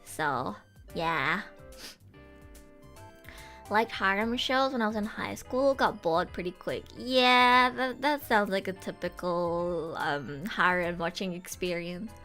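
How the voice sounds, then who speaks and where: A woman's voice: medium pitch, slow pace, pushed and bright, soft background music. A young woman streaming casually, frank and giggly, often stumbling and restarting her sentences. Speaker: streamer and voice actor. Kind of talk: casual livestream chat.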